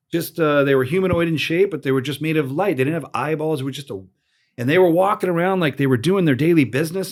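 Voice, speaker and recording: A man hosting a casual interview podcast, telling his own story in a lively, animated way and acting out the voices of people he quotes. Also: fairly high pitch. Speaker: podcast host.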